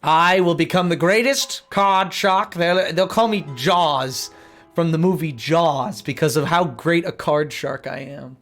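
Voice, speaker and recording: A male streamer plays through a game live, cracking jokes and laughing at his own gags. His voice sits a little higher than most men's. Soft game music plays quietly behind him. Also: measured pace. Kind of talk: live game commentary and reading dialogue aloud.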